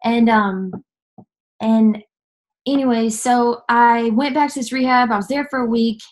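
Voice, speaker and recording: Earnest woman, fairly high voice. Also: fairly even intonation. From Nashville, Tennessee. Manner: earnest, halting, many fillers and restarts. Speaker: person giving a testimony. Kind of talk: personal testimony storytelling.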